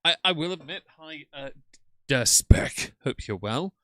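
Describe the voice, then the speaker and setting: A man's voice: fairly high pitch, expressive, unhurried, fairly bright tone, no room sound, studio quality. A man chatting casually on a live stream, reacting to clips and reading out chat names with frequent ums.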